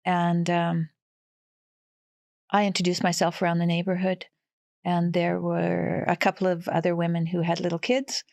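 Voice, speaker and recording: Woman in her sixties, from western Canada, animated storyteller, laughs often, dry close sound. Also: lowish voice, moderate pace, creaky, dry recording. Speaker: guest. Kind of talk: casual storytelling.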